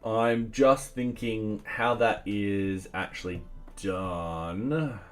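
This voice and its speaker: Low-voiced man thinking aloud while coding. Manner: halting, thinks aloud with many restarts; chats to his cat between tasks. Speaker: software developer streaming his coding. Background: faint music and keyboard typing.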